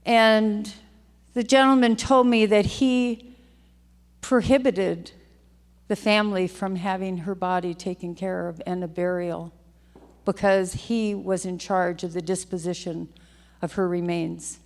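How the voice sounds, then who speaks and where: A woman's voice: mid-range voice, steady tone, a little slow. An older woman, a state legislator, giving a heartfelt, emotional farewell speech on the chamber floor, often repeating her phrases. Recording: long hall reverb.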